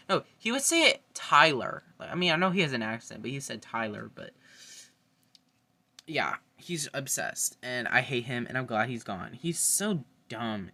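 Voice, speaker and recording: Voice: mid-range voice, lively intonation, measured pace, pushed and bright, no echo. A young adult vlogger giving a casual, blunt and opinionated ranking monologue, swearing freely. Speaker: reality TV fan vlogger.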